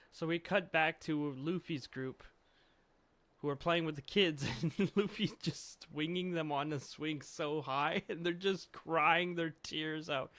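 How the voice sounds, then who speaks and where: A man's voice: on the high side, fairly bright tone. A man reviewing a comic chapter in casual commentary, thinking aloud and chuckling often as he reads along.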